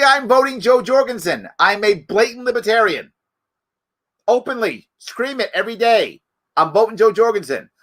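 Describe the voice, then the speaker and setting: Man, middle-aged, political show host; bright, fairly high voice, emphatic and animated, hammering rhetorical questions. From New York. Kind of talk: live political commentary.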